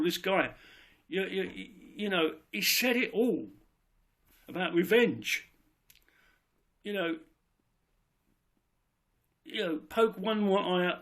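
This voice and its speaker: Guy ranting about politics, gravelly voice pitched a bit high, keeps repeating himself. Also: fairly bright tone. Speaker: political speaker. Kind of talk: impassioned monologue.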